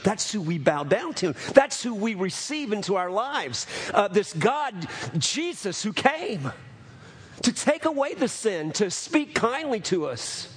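A man preaching a sermon as pastor, earnest, repeating phrases, moving between raised proclamation and hushed asides. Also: sits high, very animated, unhurried, a little hiss or hum. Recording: long hall reverb.

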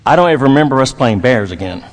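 A man's voice: medium pitch, animated, quick pace, in a large hall. A man from Dallas, Texas, preaching a sermon as pastor, emphatic and repetitive, with folksy humor.

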